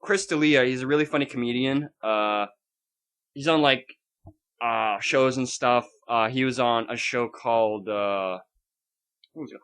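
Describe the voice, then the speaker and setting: A man's voice: medium pitch, measured pace, clean tone. A young man co-hosting a podcast, rambling and swearing as he tells a story in casual chat. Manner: rambling, animated, swears a lot, acts out scenes. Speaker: podcast co-host.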